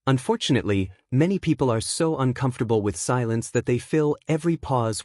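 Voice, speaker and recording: A man co-hosting a language-learning podcast, giving clear, measured scripted explanations. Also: mid-range voice, expressive, darkish tone, no room sound, clean studio sound. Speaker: podcast co-host. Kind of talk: scripted teaching talk.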